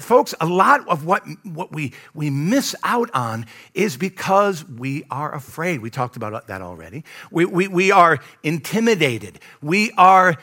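Animated preacher, bright lively voice. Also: male voice, a little high, husky. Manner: animated, swings between loud and hushed, acts out quotes. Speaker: pastor. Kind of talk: sermon.

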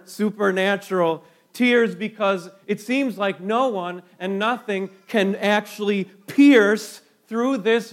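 A man preaching a sermon as pastor, slow and emphatic, with dramatic pauses and sudden drops to a hush. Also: high-pitched.

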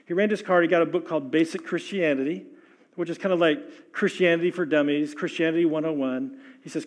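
An older man delivers a sermon as pastor, with a voice that sits high for a man. He preaches with passion, rising to loud exhortations and dropping to hushed, soft lines. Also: fast. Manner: impassioned preaching with sudden loud and soft swings.

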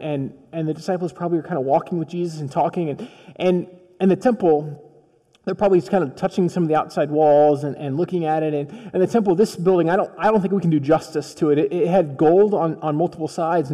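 Dark-toned male preacher in a reverberant hall. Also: fairly high pitch. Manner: conversational storytelling that acts out dialogue. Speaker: pastor. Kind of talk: sermon. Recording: long reverb of a large hall.

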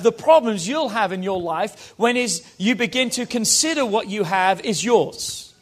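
A man's voice: high-pitched, expressive, measured pace, hardly any pauses. A British man preaching as a pastor, rousing and calling on the congregation to repeat lines after him. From Britain. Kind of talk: sermon.

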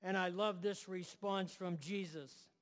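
High-voiced emphatic man preaching. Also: fairly even intonation, measured pace, fairly bright tone, big-room sound. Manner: emphatic, repeats phrases in building lists. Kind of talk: sermon. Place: church room with live and online audience.

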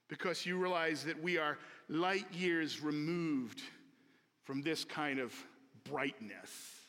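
A man, a pastor, preaching a sermon slowly and earnestly with emphatic repetition, in a church sanctuary. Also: fairly high pitch, bright, forceful tone. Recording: long reverb of a large hall.

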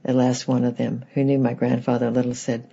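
Husky, gravelly man reading a storybook. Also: medium pitch, completely flat delivery, brisk, mellow, lo-fi sound. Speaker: reader of a children's book. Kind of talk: storybook read-aloud narration.

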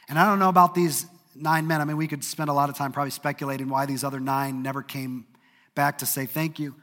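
A man preaching a sermon, telling a story earnestly, sometimes brisk and sometimes dropping to a hush. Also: mid-range voice, in a large hall. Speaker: pastor.

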